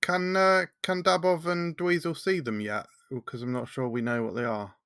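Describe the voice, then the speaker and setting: A man playing a tabletop game for a podcast, joking and laughing through quick banter. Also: a little high, little pitch movement, a bit bright, clean tone, no room sound, studio quality. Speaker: player. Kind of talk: casual tabletop game chat.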